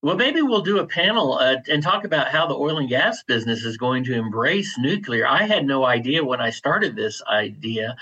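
A man guesting on an energy podcast, explaining in a measured way with frequent fillers. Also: medium pitch, very animated, pushed and bright, husky, lo-fi sound. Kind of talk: conversational interview.

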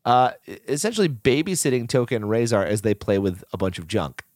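A man's voice: medium pitch, a little fast, darkish tone, no echo, studio quality. A man co-hosting a podcast, recapping a movie in casual chat, laughing often and acting out lines. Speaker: podcast co-host.

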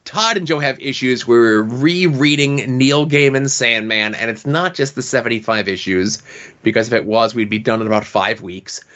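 A man's voice: medium pitch, normal speed, a bit bright. A man with a mid-range voice plugs his podcast in a wry, self-deprecating way. He co-hosts a casual chat show. The audio is dull and lo-fi. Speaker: podcast co-host.

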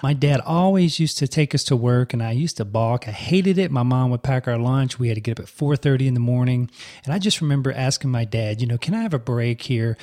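A man's voice: mid-range voice, fairly quick, a little mellow. A man in his forties hosting a podcast, chatting casually and telling folksy stories. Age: 40s. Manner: folksy storytelling, chatty and upbeat. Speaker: podcast host. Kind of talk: casual solo podcast talk.

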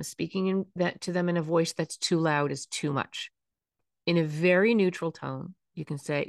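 A woman with a notably low voice talks through ideas in a calm, instructive podcast manner. She often slips into softer, gentle phrases as she demonstrates what to say. The sound is dry and close, with no room echo. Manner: calm, instructive, acts out soft soothing phrases. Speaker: podcast host. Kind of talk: explanatory podcast talk.

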